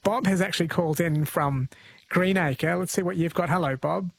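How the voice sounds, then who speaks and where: Husky-voiced male radio host. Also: fairly high pitch, moderate pace, dry recording. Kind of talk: talk radio hosting.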